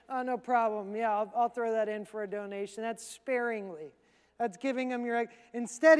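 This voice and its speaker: A male pastor preaching a sermon in a conversational way, acting out quick asides. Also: extremely high pitch, clean tone, long reverb tail.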